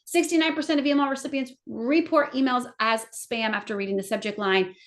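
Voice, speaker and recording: A middle-aged woman leads a live marketing seminar with plenty of enthusiasm, talking straight to the people in front of her. Her voice sits a little high. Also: fairly quick. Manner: enthusiastic, animated, addresses audience directly. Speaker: marketing trainer.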